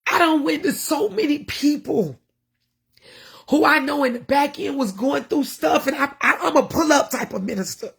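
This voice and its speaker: A woman's voice: high-pitched, expressive, normal speed, creaky. A woman minister talking casually to her followers, passionate and preachy, emotional at times. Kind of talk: casual livestream talk.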